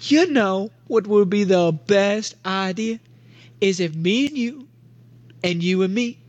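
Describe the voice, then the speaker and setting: Guy putting on a big clingy kid voice, higher than his own, gushy and overfriendly, super dry sound. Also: slow pace, no room sound, lo-fi sound. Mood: gushing. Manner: eager, gushing, overfriendly. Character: big clingy boy in a trench coat who loves kittens.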